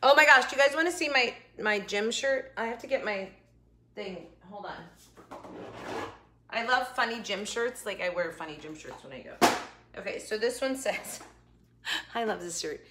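A middle-aged woman hosting a casual food review vlog, chatty and jokey, with quick asides that sometimes drop to a whisper. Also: mid-range voice, animated, heavy background noise. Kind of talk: casual chat to camera.

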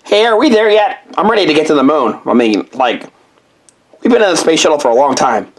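A man voicing a hungry, slow-witted male bulldog pup in a toy play-along story, with a husky, rambling drawl. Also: fairly high pitch, very animated, poor audio.

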